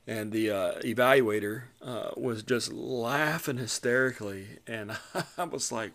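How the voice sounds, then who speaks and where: A middle-aged man hosting a podcast, telling a personal story casually, with many restarts and animated retold quotes. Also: medium pitch, normal speed. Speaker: podcast host.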